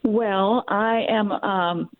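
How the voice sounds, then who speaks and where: A woman's voice: mid-range voice, steady tone, drawn-out words, no echo. An older woman calling in to a radio show, friendly and a little hesitant as she explains her question. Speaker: caller. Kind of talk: phone call-in. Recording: tinny phone line.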